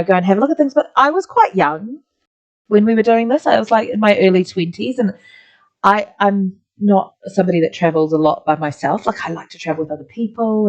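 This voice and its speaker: A woman's voice: lowish voice, a little mellow. A talkative woman with a New Zealand accent, teaching an art class as she tells a meandering story. She drifts from point to point, leaning on filler words and laughing at her own tangents. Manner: chatty, rambling, many "like" fillers. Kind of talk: casual storytelling while drawing.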